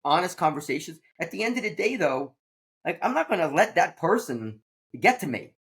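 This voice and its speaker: Blunt man with a lively pitch. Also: brisk. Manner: blunt, plain-spoken. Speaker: podcast host; teacher. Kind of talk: casual podcast conversation.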